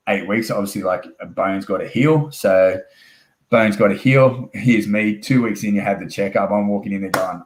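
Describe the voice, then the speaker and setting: A man's voice: on the low side, roomy sound. A young Australian man, a wrestler guest, telling a rambling, swearing anecdote and acting out the dialogue. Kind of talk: casual storytelling interview.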